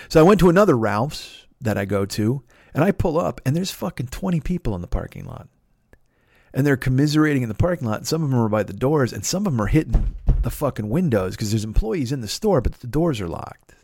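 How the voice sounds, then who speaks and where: A man's voice: medium pitch, brisk, breathy edge, dry recording, studio quality. A man hosting a podcast, telling a story as a profane rant and swearing constantly. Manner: animated, swears constantly, builds to shouting. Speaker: podcast host.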